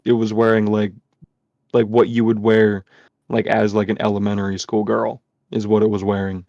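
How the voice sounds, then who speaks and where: A man's voice: fairly low pitch, completely flat delivery, normal speed, gravelly, a little mellow, no echo. A man hosting a podcast, telling a story casually, rambling with lots of swearing and filler words. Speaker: podcast host. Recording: dull lo-fi sound.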